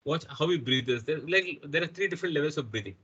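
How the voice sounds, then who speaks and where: Indian English trainer, man, middle-aged, fairly high and slightly rough voice, keeps asking "okay?". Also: animated, fast talker, a bit bright, highs cut off. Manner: talks to the audience with frequent "right?" and "okay?" checks. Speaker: workshop trainer. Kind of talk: interactive workshop lecture.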